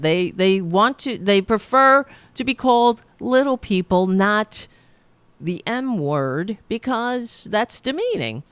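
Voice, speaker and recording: A woman's voice: medium pitch, animated, slow pace, fairly bright tone, clear, resonant tone, no echo. A woman hosting a talk show, speaking bluntly and swearing freely, rambling with restarts. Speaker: podcast host. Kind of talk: casual opinion talk.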